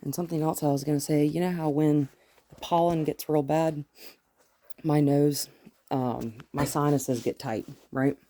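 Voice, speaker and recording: A woman training a dog, explaining her method in a gentle, coaching way while coaxing the dog along. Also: deep voice, fairly even intonation, moderate pace, low-quality recording. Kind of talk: casual training narration. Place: outdoors with a dog.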